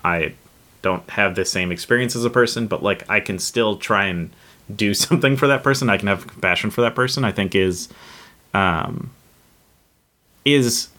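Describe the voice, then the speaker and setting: A man in his thirties co-hosting a podcast, telling a relaxed story about his young son. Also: lowish voice, normal speed. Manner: relaxed, storytelling with many fillers. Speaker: podcast co-host. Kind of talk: casual conversation.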